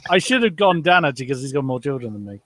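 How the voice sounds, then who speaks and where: A man's voice: mid-range voice, big pitch swings, very fast, a bit bright. A man on a podcast, joking and trading mock insults with his friends. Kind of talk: casual quiz banter.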